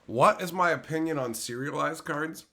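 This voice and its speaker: A man hosting a casual livestream, chatting with viewers in a blunt, animated way, swearing freely and breaking into loud outbursts. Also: fairly high pitch, normal speed, gravelly. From Canada. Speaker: streamer host.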